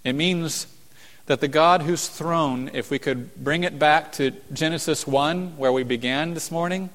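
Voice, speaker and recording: A man preaching a sermon as a pastor, earnest, rising to emphatic peaks and falling to hushed tones. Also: a little high, unhurried. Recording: long hall reverb.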